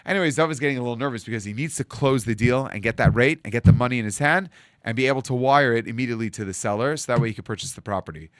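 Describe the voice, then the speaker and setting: Rabbi telling a story, dry close sound. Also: male voice, mid-range voice, racing, no echo. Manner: animated storyteller acting out dialogue. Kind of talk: storytelling sermon.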